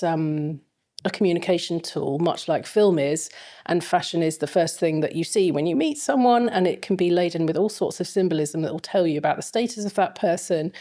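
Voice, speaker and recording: A woman's voice: low-pitched, warm tone. A middle-aged woman, a fashion film lecturer, telling long rambling stories with many fillers as an interview guest. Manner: rambling anecdotal storytelling with frequent fillers. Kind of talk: casual interview chat.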